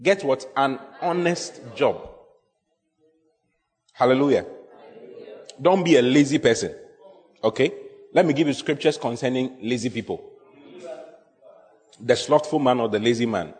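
Emphatic preacher in a reverberant hall. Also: male voice, mid-range voice, unhurried, pauses often, darkish tone. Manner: emphatic, repeats key phrases, asks the congregation questions. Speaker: pastor. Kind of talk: sermon.

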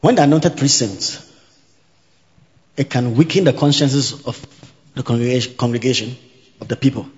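A man preaching a sermon in a church hall, repeating each point slowly and checking that the congregation is following. His voice carries a long reverb through the room, and the recording sounds dull and muffled. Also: mid-range voice, a little mellow. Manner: teaching by repetition, asking the congregation if they follow; interjects hallelujah.

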